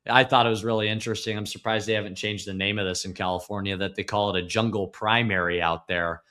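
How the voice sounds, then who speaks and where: A male podcast host with a low but bright, forceful voice. He chats casually and drops joking, sarcastic asides. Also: fairly even intonation, quick pace. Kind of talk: casual interview banter.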